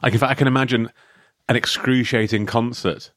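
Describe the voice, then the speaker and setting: A man's voice: mid-range voice, steady tone, fairly quick, a bit bright, no room sound. A man co-hosting a casual podcast, riffing and rambling through jokes with lots of fillers. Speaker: podcast co-host. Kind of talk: casual chat.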